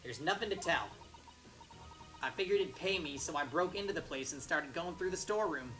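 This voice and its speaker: A woman voicing a defiant, distrustful street-urchin girl pickpocket in a game, with a gruff mock Texas drawl and clipped slang. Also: low-pitched, expressive, fairly quick, a bit bright, soft background music, low-quality recording.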